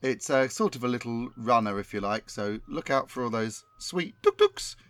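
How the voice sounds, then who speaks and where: A man's voice: medium pitch, animated, normal speed, fairly bright tone, no echo. A man hosting a comedy podcast, chatting casually and hesitantly with frequent ums. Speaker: podcast host. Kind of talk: casual chat.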